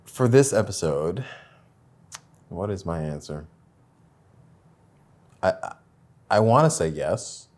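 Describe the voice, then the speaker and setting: A young adult man hosting a podcast, talking in a reflective, soft-spoken, heartfelt way. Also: deep voice, animated, takes it slowly, pauses often. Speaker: podcast host. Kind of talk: casual heartfelt conversation.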